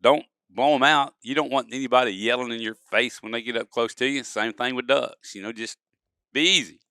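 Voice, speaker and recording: A man's voice: medium pitch, steady tone, fairly quick, sharp tone, smooth, no echo, studio quality. A man, a podcast guest, telling folksy stories and acting out examples in casual conversation. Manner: folksy storyteller, acts out examples. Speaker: guest, duck-calling expert. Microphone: studio podcast mic.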